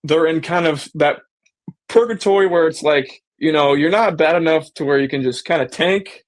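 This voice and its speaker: A man's voice: on the high side, normal speed. A man hosting a casual sports fan show, talking animatedly and slipping into mock voices when he quotes people. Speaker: sports podcast host.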